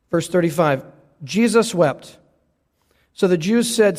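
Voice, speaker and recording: A man delivers a sermon in a high, clear voice. He is earnest and slows right down, sinking lower on the words he wants to land. His voice rings through a church sanctuary with a long, trailing reverb. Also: darkish tone. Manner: earnest preaching, drops low and slow for emphasis. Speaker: pastor.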